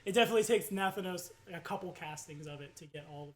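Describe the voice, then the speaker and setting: A man running a tabletop game as game master, easygoing and quick to laugh. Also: high-pitched.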